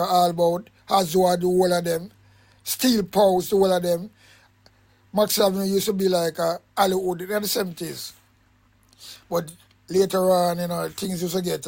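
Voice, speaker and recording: A man's voice: sits high, a little mellow. A man with a Jamaican accent introducing an interview, talking in a passionate, rambling patois. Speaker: host.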